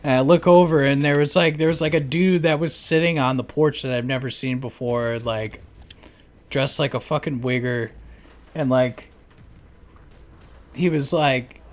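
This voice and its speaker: A young man telling neighbor stories in casual chat, rambling and profane, packing every sentence with "like" and breaking into loud mocking voices. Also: a little slow, pauses often. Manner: rambling, profane, heavy use of "like"; mimics neighbors in loud high-pitched voices.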